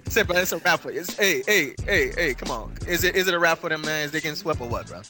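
A man's voice: on the high side, quick pace, loud music behind the voice. A man co-hosting a casual radio show who teases the others and keeps calling them bro. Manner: teasing, animated, says bro a lot. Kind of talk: casual sports banter.

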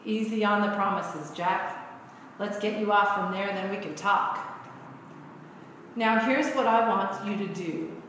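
Calm patient God voiced by a woman, unhurried, even delivery, big echoey hall, long reverb. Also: mid-range voice, slight background noise, lightly acted. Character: calm, patient male God speaking from above.

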